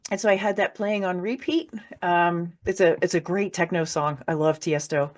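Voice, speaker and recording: With a fairly low voice at normal speed, a woman author talks candidly on a podcast about a personal experience. She curses freely and laughs through the hard bits of this emotional story.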